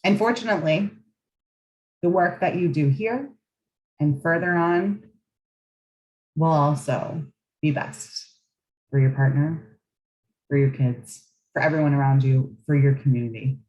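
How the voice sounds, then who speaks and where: A woman's voice: deep voice, a little slow, long pauses, darkish tone, dull audio. A woman relationship coach giving a guided coaching talk in a soothing, affirming, earnest way.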